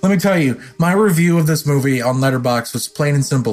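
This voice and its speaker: A man chatting on a relaxed podcast, playful and quick to joke. His voice is a little high for a man. Faint music sits under his talk. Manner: jokey and relaxed, with playful swearing. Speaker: podcast co-host. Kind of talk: casual podcast chat.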